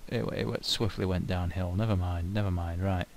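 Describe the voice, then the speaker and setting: A man's voice: deep voice, fairly even intonation, a little fast, slight background noise. A man with a Yorkshire accent giving chatty, self-mocking commentary as he plays a video game. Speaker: let's play host. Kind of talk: casual gameplay commentary.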